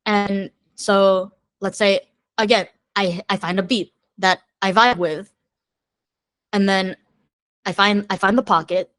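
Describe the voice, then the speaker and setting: A woman songwriter speaks as a guest in a candid, chatty conversation. Her speech is slow and unhurried, and she thinks aloud as she goes. The recording sounds close and dry. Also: mid-range voice, fairly even intonation, fairly bright tone, no echo.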